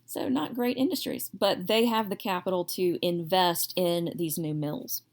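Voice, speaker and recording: A woman's voice: on the low side, a little slow. A woman history teacher giving a recorded lecture in a chatty, digressive way, with self-deprecating jokes.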